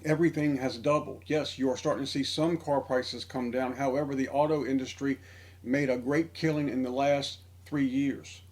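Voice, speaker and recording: Male online preacher, average pitch, insistent sermonizing delivery. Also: fairly even intonation, moderate pace, a little mellow. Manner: emphatic, preachy, repeats phrases for stress. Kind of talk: sermon-style monologue.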